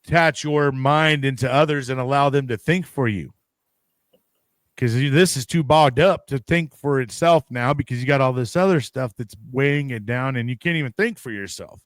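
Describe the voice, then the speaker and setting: An American man co-hosts a casual podcast chat, talking in long rambling runs, swearing freely and acting out his own reactions. His voice sits in the mid range, and the recording is dry.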